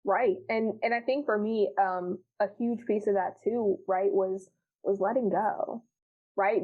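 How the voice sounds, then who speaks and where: A woman chatting candidly as a podcast guest, frank and profane, laughing often and acting out her past self. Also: mid-range voice. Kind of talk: candid casual chat. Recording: tinny phone-like line.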